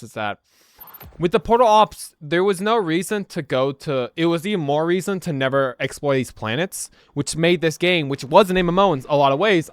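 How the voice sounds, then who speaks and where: A man's voice: a little high, a bit bright, smooth, dry recording. A young man rambling through casual gameplay commentary, laughing often and tossing in slang and "right?" as he talks. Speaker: gaming YouTuber.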